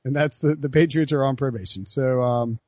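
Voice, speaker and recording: A man co-hosting a sports podcast in casual chat, rambling and animated with many restarts. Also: medium pitch, brisk, no echo, highs cut off. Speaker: podcast co-host.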